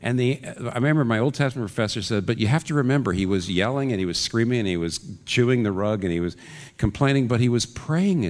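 A man's voice: mid-range voice, lively intonation, quick pace, a little mellow. A man preaching a sermon in an earnest way, his voice climbing into urgent questions. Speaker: pastor. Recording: long reverb of a large hall.

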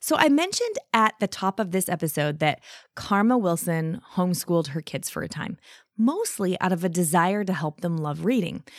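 Woman podcast host, chatty, kinda low voice, dry close mic. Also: no echo. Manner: chatty, with asides. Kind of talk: podcast narration and commentary.

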